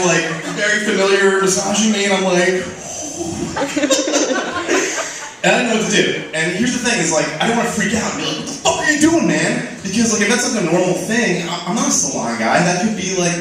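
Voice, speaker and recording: A man's voice: sits high, fast, a bit bright. A young man doing an open mic stand-up set, telling a rambling, self-deprecating story full of "like". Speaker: stand-up comedian. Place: comedy club stage. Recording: echoey club recorded from far off. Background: audience laughter.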